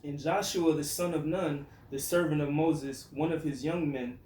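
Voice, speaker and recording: Steady man reading scripture, echoey. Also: fairly high pitch, moderate pace. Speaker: scripture reader. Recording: echoey room, faint background noise.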